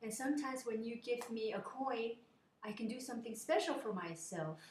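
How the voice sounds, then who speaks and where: A man's voice: very high voice, expressive, normal speed, slight background noise. A woman voicing a cheerful, humble male servant in a fairy tale, speaking earnestly and contentedly. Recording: echoey room.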